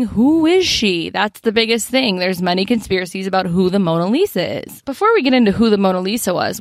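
A woman's voice: medium pitch, no echo. A woman with a Midwestern accent chats on a podcast, laughing often and poking fun at herself. Her voice sits mid-range and sounds dry and close to the mic. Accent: Midwestern American. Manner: laughs often, self-mocking. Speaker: podcast co-host. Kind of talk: casual chat.

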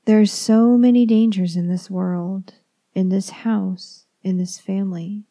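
Gravelly, mellow woman reading a horror tale. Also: mid-range voice. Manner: calm, measured, dropping into whispers. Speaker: storyteller. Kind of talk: first-person horror story reading.

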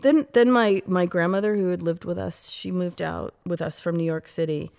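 Animated woman telling stories in an interview. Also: fairly low pitch, normal speed, creaky. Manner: animated, quotes her past self, frequent laughs and "like". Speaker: physicist, interview guest. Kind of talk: casual interview storytelling.

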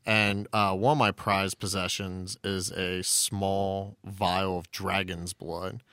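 A man's voice: sits low, little pitch movement, slow pace, bright, forceful tone, clean tone, no room sound, clean studio sound. A man playing a tabletop role-playing game, describing his character's actions casually as he thinks aloud. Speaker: player.

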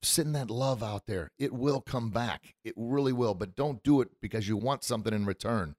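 A man hosting a podcast, effusive and deeply thankful, choked up with emotion. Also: normal speed, darkish tone, no echo, studio quality. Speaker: podcast host. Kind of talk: casual podcast chat.

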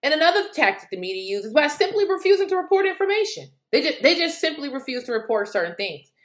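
A woman giving animated political commentary, incredulous and exclaiming at times. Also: high-pitched, fast talker, roomy sound. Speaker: commentary vlogger.

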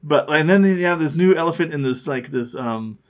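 A man's voice: fairly high pitch, lively intonation, brisk. Male co-host, rambling chatty talker, slightly muffled recording. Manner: chatty, rambling, laughs at his own stories. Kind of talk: casual chat. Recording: slightly dull lo-fi sound.

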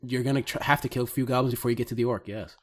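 A man's voice: medium pitch, fairly even intonation, racing. A man narrating as game master of a tabletop role-playing game, easygoing and often laughing.

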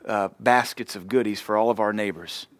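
A man's voice: fairly low pitch, fairly quick, no room sound. A man preaching a sermon as pastor, folksy and joking, acting out little quotes as he goes.

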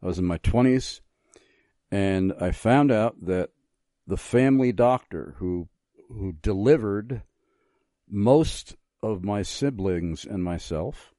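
A man's voice: on the low side, slow pace, dark tone, no echo. A middle-aged man hosting a radio talk show, telling a personal story in an earnest, thoughtful way with many small restarts. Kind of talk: casual radio conversation, storytelling.

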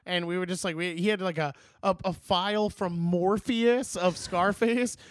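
A man's voice: high voice, fairly even intonation, normal speed, no echo. A young man in casual chat, rambling and swearing as he retells movie scenes. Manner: rambling, profane, quotes movie lines in put-on voices.

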